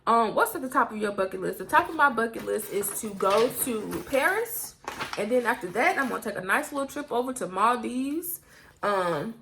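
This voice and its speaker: Gravelly-voiced woman vlogger. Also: a little high, expressive, normal speed, a bit bright, a little hiss or hum. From United States. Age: young adult. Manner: candid and blunt, swears freely. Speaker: YouTuber. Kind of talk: casual get-to-know-me Q&A.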